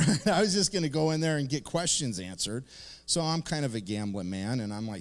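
Casual joking pastor in a reverberant hall. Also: male voice, medium pitch, lively intonation, quick pace. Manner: storytelling, joking, conversational with fillers. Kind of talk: casual sermon. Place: church sanctuary.

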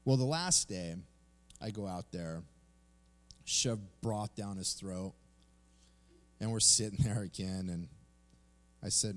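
A man's voice: on the low side, slow, long pauses. A man preaching a sermon, telling a personal story in a conversational way and then reading scripture aloud. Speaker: pastor.

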